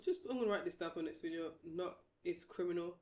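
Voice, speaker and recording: A woman's voice: lowish voice, fast talker. A woman vlogger giving casual, opinionated wrestling predictions, rambling with many restarts and fillers.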